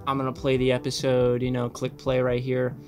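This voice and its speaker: A young man hosting a reaction channel, rambling excitedly and swearing often in casual commentary. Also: medium pitch, a little fast, soft background music.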